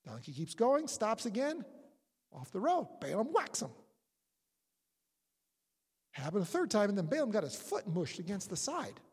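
A preacher retelling a scripture story in a sermon, animated and storytelling, sometimes acting out the characters' lines. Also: mid-range voice, moderate pace, pauses often, breathy edge, big-room sound.

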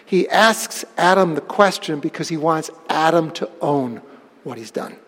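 A man preaching a sermon, telling the story with lively bursts of emphasis. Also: a little high, measured pace, long reverb tail. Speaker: pastor.

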